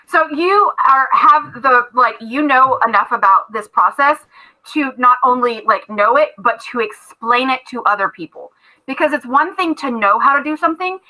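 A woman's voice: high-pitched, bright, forceful tone, low-quality recording. A woman narrating a tabletop game as game master, chatty, with many fillers and restarts.

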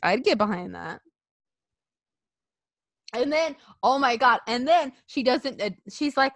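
A woman co-hosting a casual podcast, slow and unhurried but swinging her pitch widely as she jokes and acts out quotes. Her voice sits a little high. The recording is dry and close. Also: no room sound. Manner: animated, laughing often, acting out quotes. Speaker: podcast co-host. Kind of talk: casual wrestling podcast chat.

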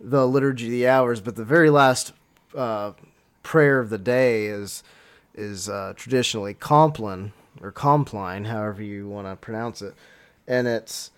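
A man's voice: medium pitch, fairly even intonation, normal speed, smooth. A man in casual religious discussion, reflective and searching for words.

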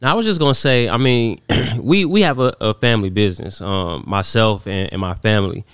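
A man co-hosting a podcast, talking in a measured, agreeable way during casual chat. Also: on the low side, clean tone. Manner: measured, agreeable, telling a family story. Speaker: podcast co-host.

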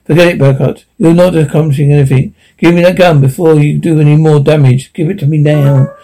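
A composed steel robot that speaks without emotion and gives firm, level orders, played by a male narrator in a mellow, fairly high voice. Part of a sci-fi audiobook reading. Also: fairly even intonation, a little fast, natural voice. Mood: cool command. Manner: cool, unemotional, commanding.

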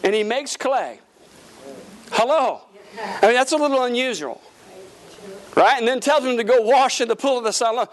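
High-voiced man preaching a lively sermon. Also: normal speed, pauses often. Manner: lively preaching with call-and-response; folksy, humorous asides. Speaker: pastor. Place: church service with congregation.

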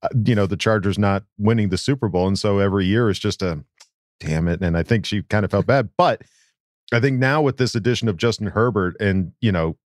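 A man hosting a podcast in casual chat, talking quickly and loosely with many fillers while reading listener questions. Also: fairly low pitch, no room sound, studio quality. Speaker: podcast host.

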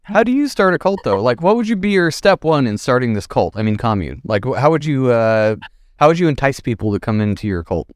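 Male podcast host, smooth lively voice, crude rambling humor, dry close sound. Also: medium pitch, brisk, no room sound. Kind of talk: casual chat.

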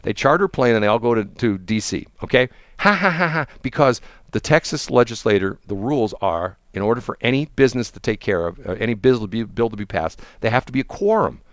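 A man's voice: animated, quick pace, no echo, studio quality. A man in casual political chat, mocking and laughing often as he tells a story. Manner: chatty, mocking, laughs often, mimics people in high voices. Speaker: co-host.

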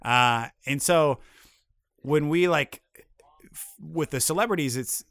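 A middle-aged man, a comedian and children's TV writer, chatting as a podcast guest, telling animated stories and trading teasing banter. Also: a little high, takes it slowly, no room sound. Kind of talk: casual chat.

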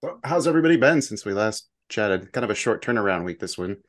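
A man hosting a casual podcast, easygoing and quick to laugh, steering the conversation. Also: lowish voice, lively intonation. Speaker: podcast host.

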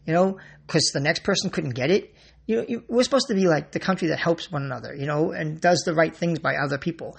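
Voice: mid-range voice, a little fast, creaky, husky. A grocery store worker giving a blunt, exasperated rant to the camera and swearing freely. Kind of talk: ranting monologue to camera.

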